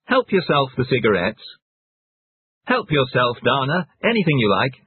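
Lively man reading example phrases. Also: mid-range voice, moderate pace, breathy edge, dry recording. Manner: reads short example phrases, lively intonation. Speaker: English phrase teacher. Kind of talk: scripted example sentences. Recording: tinny phone-like band, dry.

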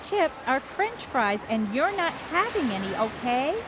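A woman's voice: sits high, very animated, measured pace. A young woman with an American accent acting a firm, lecturing newlywed wife in a scripted learner dialogue. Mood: bossy. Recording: background noise.

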